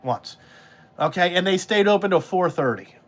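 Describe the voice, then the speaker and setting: A man's voice: high voice, animated, fairly quick. A middle-aged man, ranting bluntly and profanely in casual podcast talk about his trucking trade. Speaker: podcast host, trucking business owner.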